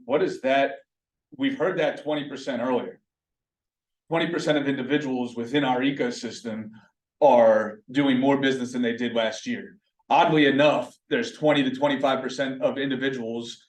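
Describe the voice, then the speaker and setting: Man coaching a meeting, roomy, distant. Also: mid-range voice. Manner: energetic, coaching, rhetorical questions. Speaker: team meeting presenter. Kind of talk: motivational team meeting talk. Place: meeting room.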